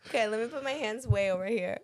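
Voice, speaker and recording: A woman's voice: on the high side, quick pace. Female podcast co-host, playful and teasing, laughs a lot, casual. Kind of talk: casual chat.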